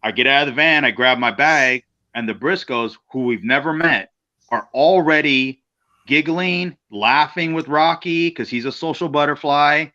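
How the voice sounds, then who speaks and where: A man's voice: fairly high pitch, normal speed, bright, forceful tone. Blunt, profane man telling a road story. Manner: profane, blunt, acts out quotes in voices. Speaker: guest wrestler. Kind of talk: casual storytelling on a podcast. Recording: slightly dull lo-fi sound.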